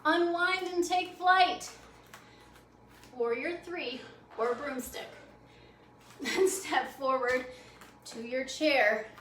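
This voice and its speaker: A high-pitched woman leads a yoga class with quick, upbeat, encouraging cues, a little breathless as she moves. She is recorded from some distance in an echoey room. A faint hum of noise sits under her voice. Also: fairly bright tone. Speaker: yoga instructor. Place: library program room.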